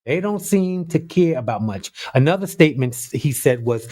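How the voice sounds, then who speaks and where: A man giving casual, animated commentary on the news, talking straight to his viewers with open disbelief. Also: fairly high pitch, normal speed.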